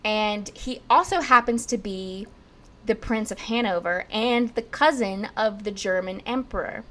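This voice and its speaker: A woman's voice: medium pitch, unhurried, a little hiss or hum. A young woman casually telling a history story on a podcast, chatty and full of "like", acting out quotes. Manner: chatty, lots of "like", acts out quotes in lively bits.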